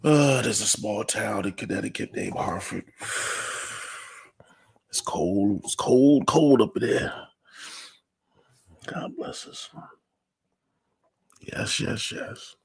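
A man's voice: lowish voice, lively intonation, slow, vocal fry, pauses often, a little mellow, slightly rough, dry recording. A man talking loosely on a livestream about faith and success, full of "you know"s and dropping into whispers. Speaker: livestream speaker. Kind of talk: casual inspirational talk.

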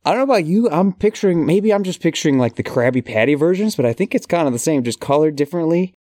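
A man's voice: fairly high pitch, fast talker, no echo. Podcast cohost guy, dead dry sound, groans and laughs a lot. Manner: animated disgust, laughs a lot. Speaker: podcast co-host. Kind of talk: casual podcast chat.

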